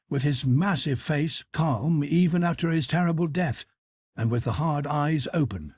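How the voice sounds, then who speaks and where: A man narrating an audiobook in a measured, even storytelling manner. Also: on the high side, no room sound. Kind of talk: scripted narration.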